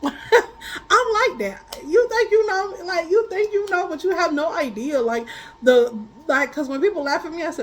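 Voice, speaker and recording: Woman, high voice, tarot reader, casual storyteller, quick to laugh, blunt and colloquial. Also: slight background noise, poor audio. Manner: animated, laughs often while telling stories. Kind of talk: casual spiritual chat.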